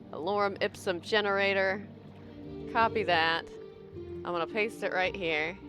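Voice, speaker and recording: A woman's voice: medium pitch, measured pace. American woman, young, chatty game streamer, laughs a lot, faint music behind. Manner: chatty, laughs often, talks to chat. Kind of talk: casual live-stream chat while playing.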